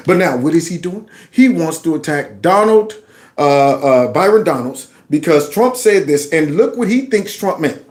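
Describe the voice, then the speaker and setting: A man's voice: a little high, animated, normal speed, a little mellow, slight background noise. A man hosting a casual opinion commentary show, emphatic and given to repeating his phrases. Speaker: commentary channel host.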